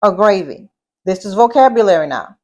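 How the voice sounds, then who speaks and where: A middle-aged woman from Southeast Louisiana with a Southern accent, teaching etiquette and speech in a deliberate way, repeating points and asking the listener questions. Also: mid-range voice, expressive. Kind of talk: instructional talk.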